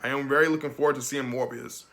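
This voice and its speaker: Young male reviewer, bright tone, loose chatty delivery with frequent laughs. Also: mid-range voice, steady tone, quick pace, creaky. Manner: rambling and emotional, laughs often. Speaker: film reviewer. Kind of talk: casual video review.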